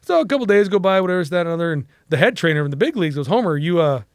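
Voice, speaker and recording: An animated middle-aged man from the United States tells stories as a guest, swearing casually and slipping into the voices of the people he quotes. His voice sits fairly high for a man. The sound is close and dry, with no room echo. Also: rapid-fire. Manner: animated, profane, acts out quotes. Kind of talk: casual storytelling interview.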